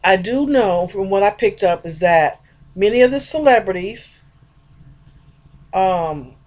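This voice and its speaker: A woman's voice: medium pitch, animated, a little slow, a little mellow. A woman vlogger talking in a rambling, chatty monologue about spiritual ideas, addressing her viewers directly.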